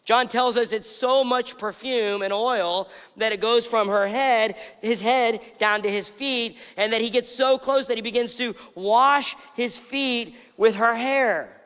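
A man with a high-pitched voice preaches a sermon, telling the story vividly and voicing the people in it. His voice carries a long reverb from the hall he speaks in. His delivery is animated and storytelling. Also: unhurried, hardly any pauses, clear, resonant tone. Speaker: pastor.

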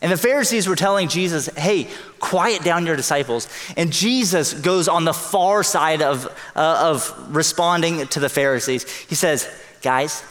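A man preaching a sermon as pastor, earnest and emphatic, speeding up in bursts and slowing on key lines. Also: fairly high pitch, a bit bright. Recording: long hall reverb.

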